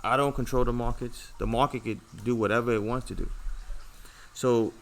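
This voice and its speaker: Bright-voiced man lecturing livestream viewers. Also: medium pitch, fairly even intonation, normal speed. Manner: earnest, repetitive, lecturing with many "okay" and "all right" checks. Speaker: trading livestream host. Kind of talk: casual livestream talk to viewers. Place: home.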